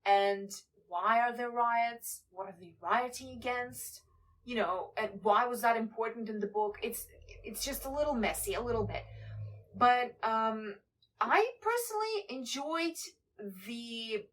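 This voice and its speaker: A woman's voice: on the high side, lively intonation, a little slow, a bit bright. Chatty apologetic young woman book vlogger. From Ukraine. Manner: chatty, apologetic, many fillers and restarts. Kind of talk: casual reading wrap-up.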